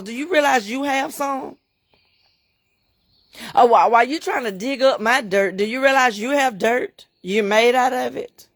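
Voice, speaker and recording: Middle-aged lady preaching on a live stream, high voice, dry close sound, keeps repeating herself and laughing. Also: dry recording. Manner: emphatic, repetitive, laughs often. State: emotional, near tears. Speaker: livestream host and bookstore owner. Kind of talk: preachy livestream talk.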